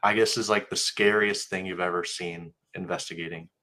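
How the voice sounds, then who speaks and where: A man co-host with a lowish but bright, forward voice. He puts his questions to the guest in a hesitant, halting way. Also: fairly even intonation. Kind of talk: casual interview question.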